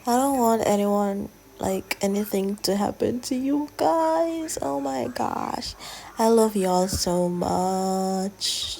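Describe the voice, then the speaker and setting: A young woman chatting casually in a soft, often half-whispered drawl as she narrates a hair-braiding tutorial. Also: mid-range voice, slow. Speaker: hair vlogger.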